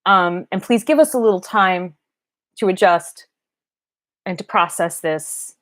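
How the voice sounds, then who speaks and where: A middle-aged woman talking casually on a livestream, rambling and halting, with many fillers and restarts. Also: fairly low pitch, a bit bright. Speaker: doll vlogger and parent. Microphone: livestream webcam mic.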